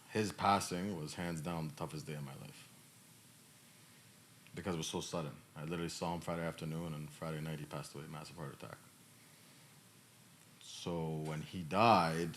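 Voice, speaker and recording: A male podcast host, choked up and emotional, answering questions in a reflective, halting way with many fillers. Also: extremely low pitch, fairly bright tone, slight background noise.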